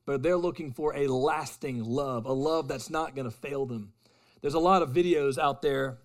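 A man preaching a sermon, moving between loud emphatic declarations and hushed storytelling. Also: mid-range voice. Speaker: pastor.

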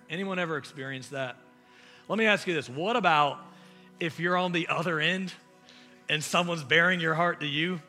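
A man preaching a sermon as pastor, impassioned, swinging from loud emphasis to hushed asides. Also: a little high.

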